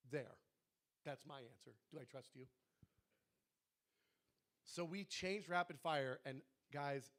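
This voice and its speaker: Male prayer leader, high bright voice, lively storyteller who acts out dialogue, testimony to a congregation. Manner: animated storytelling, acting out quoted dialogue.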